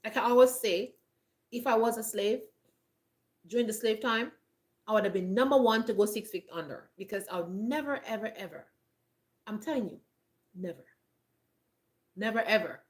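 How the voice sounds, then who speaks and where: Her medium-pitched voice moves at normal speed, with frequent pauses. She's a homestead vlogger offering blunt, emphatic advice directly to camera in the countryside, laughing often, a frog in her throat.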